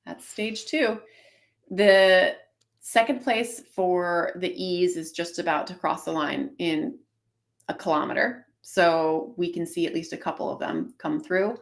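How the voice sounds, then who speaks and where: A woman's voice: fairly low pitch, a little slow. A woman co-hosting casual live commentary on an online cycling race, chatty and explaining tactics with plenty of fillers.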